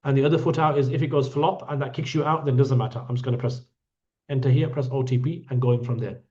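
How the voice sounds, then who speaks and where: A man's voice: medium pitch, fairly even intonation, fast talker, darkish tone. A man guiding a hajj group in an online Q&A session, talking bluntly with teasing jokes. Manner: blunt, joking, scolding. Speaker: hajj tour guide. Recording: dull lo-fi audio.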